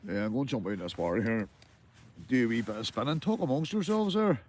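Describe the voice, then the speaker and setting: Speaking fast in an animated, medium-pitched voice with a darkish tone, a man from Northern Ireland livestreams his fishing trip from a small tent. He chats casually, greeting viewers by name and calling them mate, on a phone or camera.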